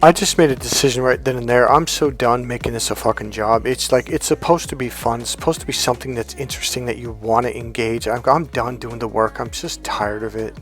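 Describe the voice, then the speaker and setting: A man's voice: medium pitch, brisk, hardly any pauses, a bit bright, faint music behind. Blunt, profane male dating coach. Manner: blunt, swears freely, acts out quoted lines. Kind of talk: storytelling monologue to camera.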